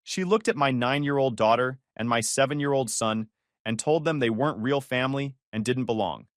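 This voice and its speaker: A man's voice: medium pitch, normal speed, no echo, studio quality. A man narrating a first-person family story with a tense, emotionally charged delivery.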